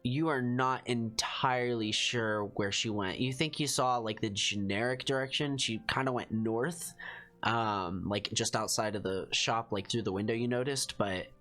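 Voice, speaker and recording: A man's voice: mid-range voice, moderate pace, a bit bright, faint music behind. A man narrating as game master in a casual, filler-heavy way.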